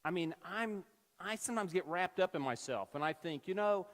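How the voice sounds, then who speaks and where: A man preaching a sermon, telling a story with lively acted-out quotes. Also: sits high, normal speed. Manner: animated storyteller acting out quoted voices. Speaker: pastor. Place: church sanctuary. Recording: long church-hall reverb.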